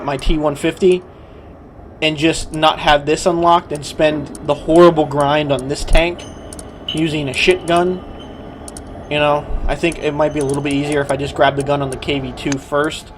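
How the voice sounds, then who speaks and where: A young man hosting his gaming channel, ranting in a profane, heated way that swings from mumbled asides to loud outbursts. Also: a little high, background noise. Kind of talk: casual ranting vlog.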